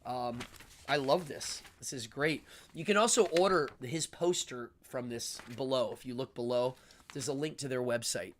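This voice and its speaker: A man's voice: mid-range voice, moderate pace, slight background noise. A man with an English accent hosting a livestream, rambling enthusiastically about philosophy with many ums. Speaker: livestream host. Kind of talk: casual philosophical monologue.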